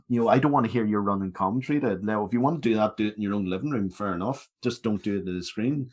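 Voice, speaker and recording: Blunt Northern Irish co-host. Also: male voice, lowish voice, quick pace, few pauses, darkish tone. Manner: blunt, swearing storyteller. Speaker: podcast co-host. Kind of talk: casual chat.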